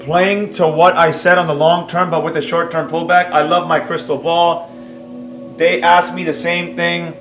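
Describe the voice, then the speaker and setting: A man streaming live as a trading educator, reading viewer comments and talking straight to the audience in a brash, boastful way that jumps loud when he gets excited. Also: on the high side, moderate pace. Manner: animated, bursts up loudly when excited. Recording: roomy sound with faint music behind.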